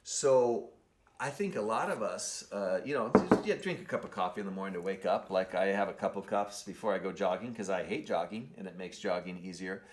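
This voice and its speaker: A man's voice: low-pitched, a little fast, slight background noise. A man hosting a podcast, talking casually with many fillers and restarts. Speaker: podcast host.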